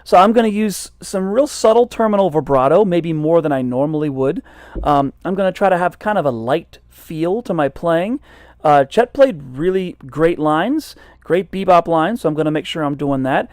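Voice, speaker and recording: Male jazz educator, relaxed and self-deprecating, slightly high voice, dry mic. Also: normal speed, dry recording. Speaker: jazz trumpet teacher. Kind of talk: casual instructional talk.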